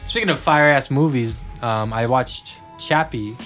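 A man's voice: medium pitch, measured pace. A man gushes in loose, profane slang during a podcast chat. His voice sits in an ordinary middle range. Faint music plays under the conversation. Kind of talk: casual chat.

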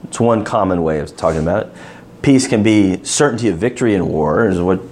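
A man with a fairly low voice teaches a Bible passage to a class. His pitch swings widely as he throws questions to the room and leans hard on the words he wants to stress. A faint hiss sits under the recording. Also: a little fast. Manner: asks the class questions, animated emphasis. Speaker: teacher leading a Bible study.

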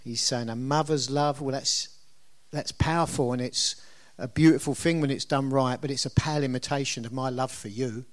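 A man's voice: medium pitch, fairly even intonation, moderate pace. A middle-aged man preaching a sermon in a conversational way, often asking his listeners questions. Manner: conversational, asks the congregation questions.

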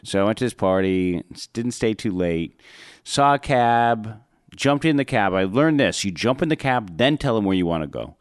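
A man, a comedian hosting a podcast, telling a story in a casual, animated way, laughing and correcting himself. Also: on the low side, normal speed, smooth, no room sound, clean studio sound. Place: podcast studio.

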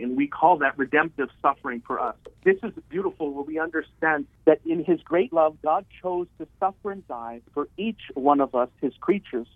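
Earnest priest over a tinny phone line. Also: male voice, on the high side, dry recording. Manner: earnest preaching with repeated words. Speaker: Catholic priest. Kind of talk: radio talk on faith. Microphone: telephone.

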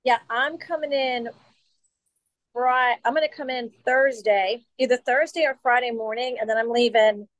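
A woman's voice: a little high, fairly even intonation, moderate pace, no room sound. A woman co-hosting a podcast, chatting loosely and rambling a bit. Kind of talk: casual chat.

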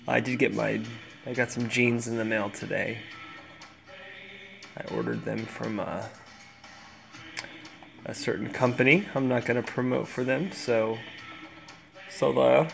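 Tired, rambling man with a gravelly voice. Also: medium pitch, fairly even intonation, unhurried, long pauses, music in the background. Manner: rambling, distracted, talks to his cats. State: tired, yawning. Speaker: podcast host. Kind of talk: casual solo chat.

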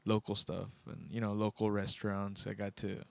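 A man chatting in a relaxed way, a little halting as he lists things he wants to do. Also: fairly low pitch, vocal fry. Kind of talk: casual podcast chat.

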